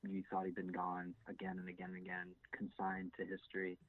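A man's voice: low-pitched, completely flat delivery, a little fast, no room sound. A man co-hosting a casual sports podcast, hesitant with many fillers and restarts. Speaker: podcast co-host. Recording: tinny phone-like sound.

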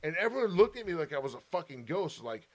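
A man telling a wild fight story in casual chat, swearing constantly and animated. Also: fairly high pitch, fast.

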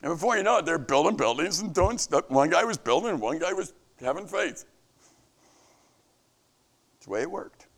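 A camp leader delivers an earnest devotional message to camp staff, his expressive, slightly bright voice moving at a moderate pace with long pauses. He preaches with emphasis that rises and falls in pitch.

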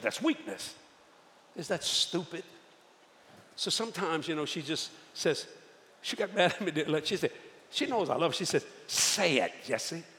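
An older man preaching a storytelling sermon, folksy and animated, acting out the voices of the people in his tales. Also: on the high side, a little hiss or hum. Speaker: evangelist. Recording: echoey hall with faint ambience.

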